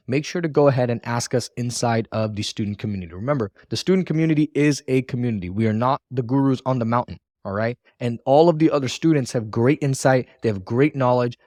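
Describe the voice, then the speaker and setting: A man's voice: mid-range voice, darkish tone, no room sound. Dry-voiced male sales training coach. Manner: coaching tone, frequent "all right" and "right?" check-ins. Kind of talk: recorded training lecture.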